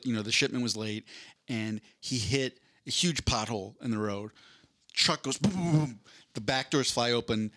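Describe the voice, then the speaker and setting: A man co-hosting a podcast, telling a story casually with quick asides and plenty of swearing. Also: mid-range voice, a bit bright, no echo, studio quality. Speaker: podcast co-host.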